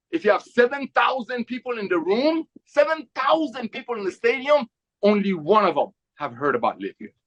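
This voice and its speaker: A man giving an energetic, fervent sales pitch to company members, repeating phrases to rally the audience. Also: dull audio. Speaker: company co-founder speaking to members.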